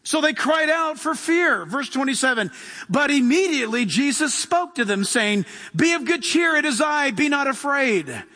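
Guy preaching in a church, bright forceful voice, fired up, big echoey room. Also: very high-pitched. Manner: impassioned, asks the congregation questions. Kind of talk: sermon. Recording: long hall reverb.

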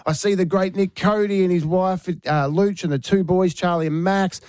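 An Australian man hosting a radio show, slightly higher than most men and with a dry, close studio sound. He tells his stories with energy and acts out everyone's lines. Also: moderate pace, smooth, dry recording. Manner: animated storyteller acting out quotes. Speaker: radio host and ex-footballer. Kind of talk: radio show banter and storytelling.

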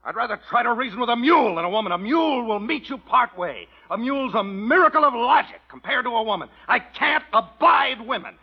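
A man's voice: extremely high pitch, animated, fairly quick, vocal fry, hardly any pauses, breathy edge, heavily acted. An actor playing a hot-tempered rancher in a 1940s radio drama, blustering and self-pitying as he demands money. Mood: ranting. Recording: dull lo-fi old radio recording.

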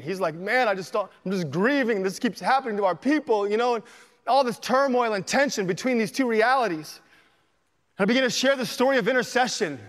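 Pastor guy preaching, acts out the people in his stories, kinda high voice, echoey church hall. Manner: storytelling, acts out quoted dialogue. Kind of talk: sermon. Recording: long reverb in a church hall.

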